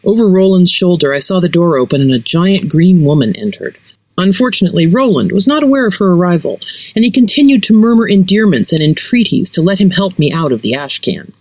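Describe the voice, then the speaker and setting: A narrator reading a fantasy story aloud, expressive and varied. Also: mid-range voice, a little fast, dry recording, rough recording. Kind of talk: fiction reading.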